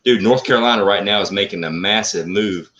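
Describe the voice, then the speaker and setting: A man telling a story in a blunt, profane, animated way in casual talk. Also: on the low side, brisk, a crowd in the background. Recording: muffled lo-fi audio.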